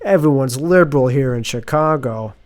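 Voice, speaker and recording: A man's voice: mid-range voice, lively intonation, moderate pace, close to an everyday voice. A man voicing a nervous young male stand-up comic who is bombing on stage, pushing a forced upbeat delivery. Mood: pleading.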